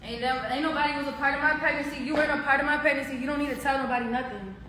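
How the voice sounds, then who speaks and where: A woman's voice: high voice, very fast, pushed and bright. A woman arguing angrily at home, swearing and incredulous, picked up by a phone on a live stream. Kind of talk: heated live-stream argument. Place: home indoors. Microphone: phone live stream, off-mic. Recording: echoey room with faint noise.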